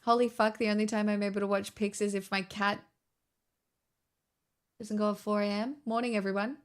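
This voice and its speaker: A woman's voice: mid-range voice, little pitch movement, fairly quick, clean tone. An Australian woman chatting casually on a livestream, rambling and swearing freely as she reacts to chat.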